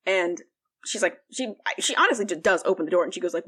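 A woman's voice: on the low side, animated, fast talker, fairly bright tone, breathy edge. A young woman co-hosting a podcast, recapping a book in a rambling casual chat full of fillers. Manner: rambling, heavy use of "like", frequent fillers. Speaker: podcast co-host.

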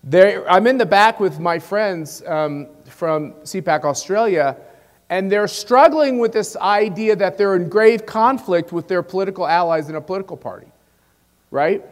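In an animated voice at a moderate pace, a conference speaker gives a folksy, rousing talk to the crowd, letting his closing phrases drop low. He's in a big convention hall, and long reverb fills the recording.

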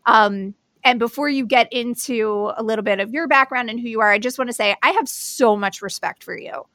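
A woman's voice: a little high, brisk, fairly bright tone, no echo. A woman co-hosting a podcast, effusive and enthusiastic as she welcomes a guest. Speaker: podcast co-host. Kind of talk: conversational interview.

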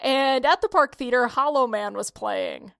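A woman's voice: high voice, a little slow, gravelly, clean tone, no echo, clean studio sound. A woman from upstate New York co-hosting a podcast, telling rambling stories with lots of laughs. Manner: giggly, rambling storyteller. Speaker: podcast co-host. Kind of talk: casual chat.

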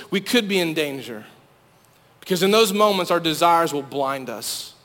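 Male youth pastor, high-voiced, preaching with a long hall reverb. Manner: fervent, swings from loud urging to hushed pleading. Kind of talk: sermon.

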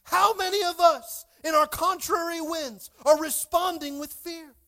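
A young man preaching a lively sermon as pastor, calling out to his congregation in church. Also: very high-pitched, measured pace. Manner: animated, calls out to congregation.

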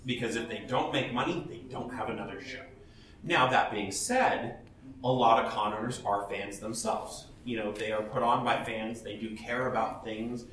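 A professional cosplayer speaking at a panel offers blunt, chatty advice to an audience, laughing often and restarting his sentences. His voice is lowish and fairly bright, with a steady tone and moderate pace. He sounds far off in an echoey hall with faint ambience.

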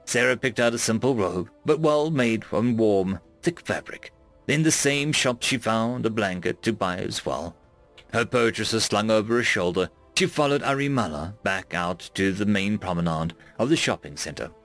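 A man narrating a science fiction story in a measured, expressive reading. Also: fairly low pitch, faint music behind.

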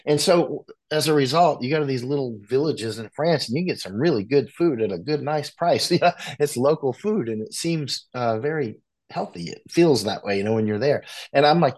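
An American man, a war correspondent guest, talking bluntly in a casual conversation, with frequent restarts and animated asides. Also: mid-range voice, moderate pace. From United States.

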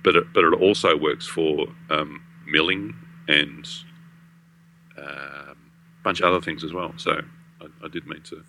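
A man's voice: rumbling low, steady tone, a little slow, sharp tone, slight background noise, poor audio. A man co-hosting a gaming podcast, chatting casually and rambling with many fillers. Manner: rambling with many ums and restarts. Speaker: podcast co-host. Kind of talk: casual chat.

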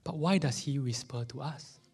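A male pastor with a Singaporean English accent preaches to his congregation in a church hall. His delivery is animated, and he sometimes sinks into a near whisper to make a point. His voice sits at an ordinary middle pitch for a man. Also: normal speed, vocal fry, slightly rough. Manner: animated, drops into whispers for emphasis. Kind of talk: sermon.

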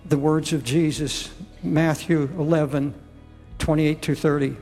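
An older man preaching a sermon, pleading slowly and repeating words as he appeals to listeners. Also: fairly high pitch, flat delivery, a little mellow, big-room sound, soft background music.

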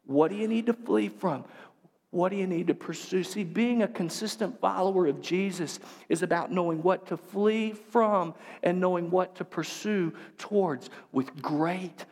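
A male pastor with a fairly high voice delivers a sermon in a big sanctuary. His delivery swings from hushed, whispered asides to loud, emphatic calls. A long hall reverb trails behind every phrase. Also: normal speed. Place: church sanctuary.

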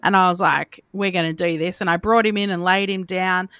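A woman's voice: fairly low pitch, fairly quick, clean tone, no echo. A young Australian woman, a nurse, telling funny work stories in casual chat and laughing through them. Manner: animated, laughing as she tells stories.

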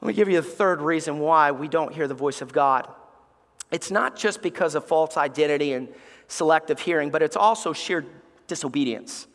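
A male pastor preaching a sermon, swinging between loud emphatic lines and hushed, near-whispered ones. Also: on the high side, moderate pace. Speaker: executive pastor. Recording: long reverb of a large hall.

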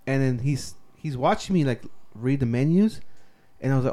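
A man's voice: mid-range voice, a little fast, warm tone. A young man telling a story animatedly in casual podcast chat, swearing often. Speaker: podcast co-host.

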